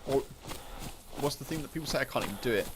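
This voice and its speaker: A man's voice: mid-range voice, expressive, fast, noisy background. A British man giving rambling, chatty commentary while streaming a live game, often repeating and restarting his phrases. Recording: loud game sounds behind voice.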